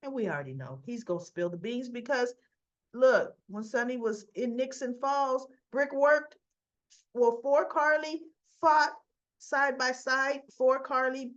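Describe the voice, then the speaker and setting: A woman giving a chatty, animated soap opera recap. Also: high-pitched. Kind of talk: casual recap. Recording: dull lo-fi recording.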